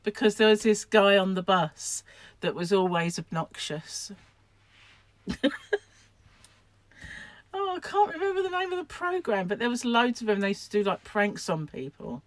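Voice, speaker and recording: A chatty older woman from England rambles through her day in a casual vlog. She talks in a loose, self-deprecating way, with frequent laughs, in a middle-pitched voice. The sound is close and dry. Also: sing-song, normal speed, pauses often, no room sound. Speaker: vlogger, craft shop owner. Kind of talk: casual chat to camera.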